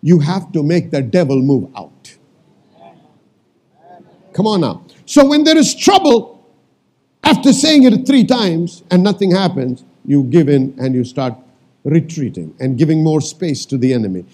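A man delivers a sermon as pastor in a fairly high, sing-song voice, taking his time. He calls out to those gathered, repeats phrases for emphasis and sometimes shouts commands.

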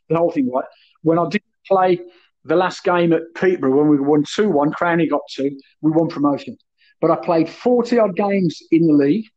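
A middle-aged man, a former footballer, telling blunt, sweary stories in casual podcast chat. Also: fairly high pitch. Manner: blunt, sweary, animated storytelling. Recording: muffled lo-fi audio.

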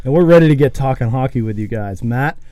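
A young man hosting a casual podcast, talking in a relaxed, rambling way and laughing often. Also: mid-range voice, quick pace, no room sound. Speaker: podcast host. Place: college-town podcast setup.

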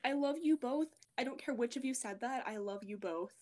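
A young woman co-hosting a casual podcast over a call, lively and teasing, laughing at herself. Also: fairly high pitch, brisk. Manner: lively, teasing, self-deprecating, laughs often. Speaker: podcast co-host. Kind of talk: casual chat.

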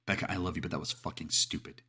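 A blunt young college woman with a dry, sarcastic edge who swears without a second thought, as a male horror narrator puts her on. The voice stays deep and husky, close to the narrator's own. It is read plainly as part of a spoken creepypasta story. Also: fairly even intonation, fast talker, pushed and bright, exaggerated voice.

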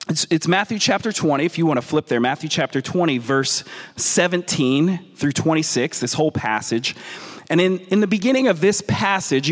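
A man with a Southern American accent preaching a conversational sermon, often restarting and repeating words. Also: on the high side. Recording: long reverb of a large hall.

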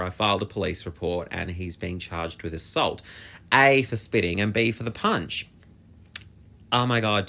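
An Australian man hosting a podcast, telling a story in a chatty, animated way, swearing and filling with "like". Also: lowish voice. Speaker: podcast host. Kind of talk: casual storytelling monologue.

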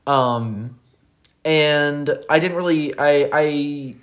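A young man co-hosting a podcast in casual chat, speaking haltingly with many ums and restarts. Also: fairly high pitch, a bit bright. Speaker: podcast co-host.

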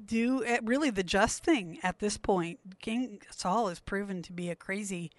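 A woman's voice: mid-range voice, unhurried, no echo. A woman co-hosting a podcast, thinking aloud about a Bible story in a casual, reflective way. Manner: thoughtful, wondering aloud. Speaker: podcast co-host. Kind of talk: casual Bible study chat.

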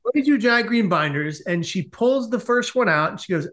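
A man, a podcast guest, telling a comic personal story with lively asides. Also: high-pitched, normal speed. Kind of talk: animated storytelling in a podcast interview.

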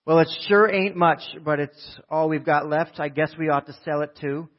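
A man's voice: on the high side, normal speed, voice pushed up, close to an everyday voice. A man voicing a folksy male auctioneer from a storybook poem, coaxing the crowd with sales patter over a dull, lo-fi recording. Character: folksy male auctioneer hawking an old violin.

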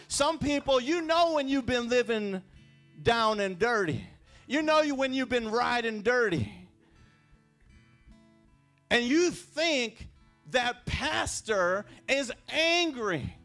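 A man preaching a sermon as pastor, talking in a conversational way with repeated phrases and restarts, dropping quiet and then rising loud. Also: sits high. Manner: swings between hushed and raised. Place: church sanctuary.

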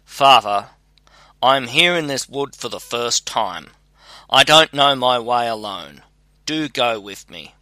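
A man voicing a clever, self-assured young scholar who calmly reassures his father in a storybook reading. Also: medium pitch, unhurried, no room sound. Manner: calm, reassuring.

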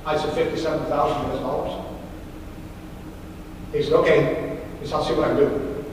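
A man's voice: on the high side, a little fast, a little hiss or hum. A man preaching as a pastor, telling a story and acting out the lines of the people in it. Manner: animated storyteller acting out quoted dialogue. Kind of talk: sermon storytelling. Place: large hall or church. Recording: echoey hall from far off, faint ambience.

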